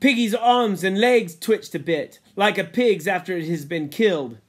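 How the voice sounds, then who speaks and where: A man reading a novel aloud in a measured way, sinking low and quiet at grim moments. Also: husky. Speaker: reader.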